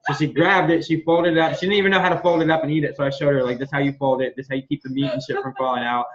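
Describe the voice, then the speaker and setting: A man with a highish, rapid-fire voice, its highs cut off, hosts a casual members' business call. He rambles and swears freely, telling animated stories and giving product updates.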